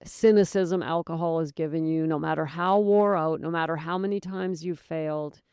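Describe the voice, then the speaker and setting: A woman's voice: low-pitched, steady tone, normal speed, a little mellow, smooth, no echo, clean studio sound. A woman hosting her own sobriety podcast, talking straight to the listener in an earnest, encouraging, folksy way. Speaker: podcast host, sobriety coach. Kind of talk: motivational solo talk.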